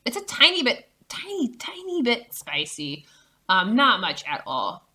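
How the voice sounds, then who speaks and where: A woman's voice: on the high side, huge pitch swings, measured pace, bright, forceful tone. Woman podcast cohost geeking out about farmhouse ales, casual, lots of likes. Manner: enthusiastic, explains beer styles with fillers. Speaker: podcast co-host. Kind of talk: casual chat beer tasting.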